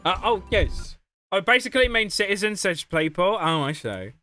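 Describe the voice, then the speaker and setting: A young man chats on his game livestream and laughs through his stories. His voice is bright and fairly high, with a lively, bouncing pitch, and soft music plays underneath. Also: moderate pace. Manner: chatty and giggly, often laughing mid-sentence. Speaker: streamer. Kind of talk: casual game livestream chat.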